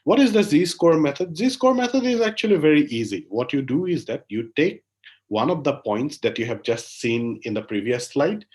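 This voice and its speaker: A man with an Indian English accent giving an academic lecture online, explaining step by step and often checking in with "right?" between filler pauses. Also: mid-range voice, animated, a little mellow.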